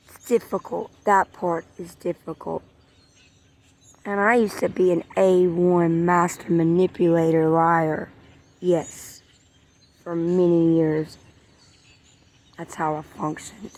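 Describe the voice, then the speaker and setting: Woman, low voice, slow unhurried talk, earnest faith vlog, repeats herself, slips into whispers. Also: little pitch movement, darkish tone. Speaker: vlogger. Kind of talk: emotional faith-sharing vlog.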